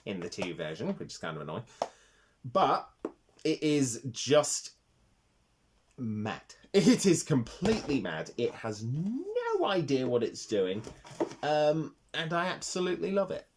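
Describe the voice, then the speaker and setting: Excitable man rambling about old games. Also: on the low side, a little hiss or hum. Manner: enthusiastic, rambling, swears freely. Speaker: retro game reviewer. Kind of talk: casual review vlog.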